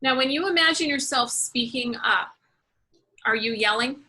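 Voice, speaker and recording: Bright-voiced woman guiding a tapping session. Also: high voice, moderate pace, slightly rough. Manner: calm, leads phrases for the client to repeat. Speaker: tapping practitioner.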